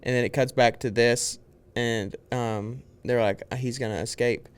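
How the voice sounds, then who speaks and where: A young man co-hosting a casual movie podcast, rambling through a film's plot with fillers and quick quoted lines. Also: mid-range voice, fairly even intonation, clear, resonant tone. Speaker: podcast co-host.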